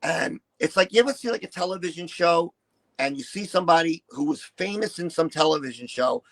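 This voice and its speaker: Man, 60s, high-pitched voice, retired stage act, candid and foul-mouthed interview guest. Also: fairly quick, poor audio. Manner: profane, animated, acts out quotes. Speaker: interview guest, retired shock-rock performer.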